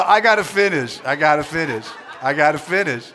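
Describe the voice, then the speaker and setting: Pastor, male, animated and upbeat, jokes with the crowd, then preaches in earnest; higher voice. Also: fairly quick, slight background noise. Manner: playful, leads the crowd in call-and-response; shifts from jokey banter to earnest preaching. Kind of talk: sermon. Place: church hall with a live congregation.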